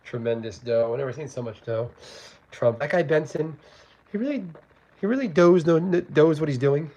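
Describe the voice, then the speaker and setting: A man imitating a boastful older male politician with drawn-out superlatives. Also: a little high, animated, dark tone, pitched above the performer's own voice.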